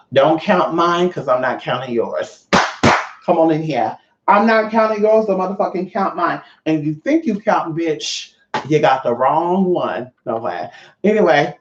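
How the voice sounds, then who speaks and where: Speaking in a medium-pitched, middle-register voice, this Californian host rants on a livestream, cursing freely and bantering directly with viewers. He runs online classes, and his delivery is profane and animated. The room echoes, and the recording is dull and lo-fi.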